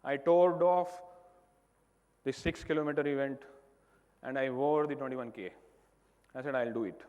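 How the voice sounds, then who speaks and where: A man from India with an Indian accent, giving a motivational stage talk, telling his story emphatically, swinging between loud passages and soft ones. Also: medium pitch, normal speed, dull audio. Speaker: keynote speaker. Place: large hall on stage. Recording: long reverb of a large hall.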